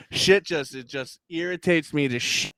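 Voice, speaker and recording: A man's voice: fairly high pitch, a little slow, dry recording. A man, ranting and swearing as a podcast co-host in casual chat. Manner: profane, heated, animated ranting.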